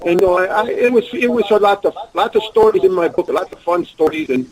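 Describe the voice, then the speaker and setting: A man's voice: high-pitched, quick pace, a crowd in the background, rough recording. A man with a Russian accent, speaking broken English, telling rambling stories as a guest in an interview. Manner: broken English, rambling anecdotes, animated voices for quotes. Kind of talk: phone interview storytelling.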